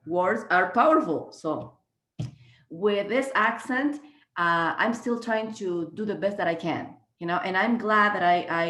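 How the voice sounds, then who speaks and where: A woman's voice: medium pitch, a bit bright, roomy sound. A woman with a Spanish accent, a real estate agent giving an earnest online training on a video call, with many restarts and fillers. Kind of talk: casual online presentation.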